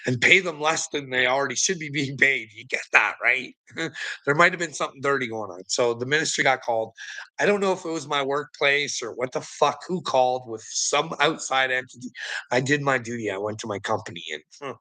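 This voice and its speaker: A man's voice: mid-range voice, a little fast, bright, forceful tone, no echo, rough recording. A man ranting in casual, profane talk to a viewer, laughing often and mocking as he tells stories from work. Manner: addresses a viewer as "little me" and "buddy".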